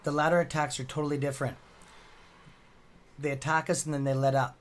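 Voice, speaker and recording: A man's voice: on the high side, flat delivery, brisk. A man hosting a casual live stock-trading stream, rambling and chatty with a sore throat, swearing now and then.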